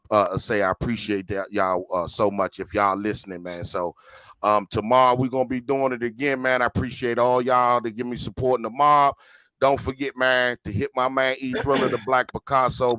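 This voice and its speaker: A man co-hosting a podcast, teasing his friends in mock anger and then giving heartfelt shout-outs. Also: mid-range voice, smooth, no room sound. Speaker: podcast co-host. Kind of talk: casual podcast sign-off.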